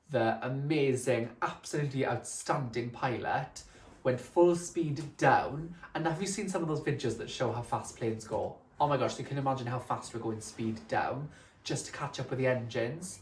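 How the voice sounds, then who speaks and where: A young man, telling stories in a casual vlog with a chatty, animated manner. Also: mid-range voice, echoey room. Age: young adult. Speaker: vlogger.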